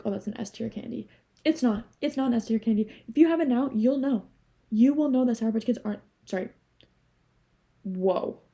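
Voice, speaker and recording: A young woman from Canada rambling casually to camera, animated and swearing freely. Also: on the high side. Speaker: vlogger.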